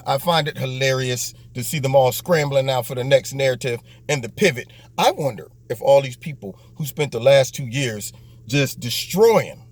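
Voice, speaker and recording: A man hosting his own political talk show, delivering a sarcastic commentary monologue and slipping into mocking voices. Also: mid-range voice. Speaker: host.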